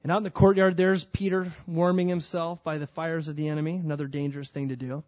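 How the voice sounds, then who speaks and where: A man's voice: a little high, little pitch movement, quick pace, darkish tone, dry recording. A man preaching a conversational sermon and telling the story with emphatic delivery.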